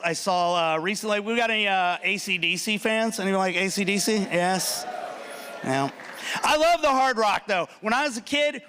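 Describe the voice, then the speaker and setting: Bright-voiced man doing stand-up. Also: sits high, clean tone. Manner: animated, punchy, talks to the audience with quick asides. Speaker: student speaker. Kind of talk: stand-up comedy routine. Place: large hall.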